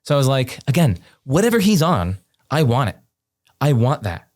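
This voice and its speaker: A man guest on a podcast, telling a story in casual conversation, animated and full of "like" and "um". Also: medium pitch, moderate pace, dry recording, clean studio sound. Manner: animated, heavy on fillers like "like" and "um".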